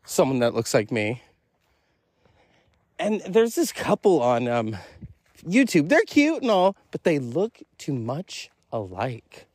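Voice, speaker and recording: A man's voice: a little high, sing-song, slow pace, darkish tone, breathy edge, no room sound, clean studio sound. A man hosting a solo podcast, rambling through a casual monologue with self-amused, profane asides. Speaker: podcast host.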